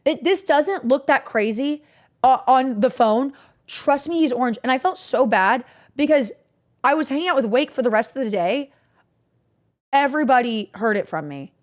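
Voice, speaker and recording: Animated young woman streamer telling stories. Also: high-pitched, moderate pace. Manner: animated, swearing, laughing at her own stories. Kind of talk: casual storytelling recap to stream chat.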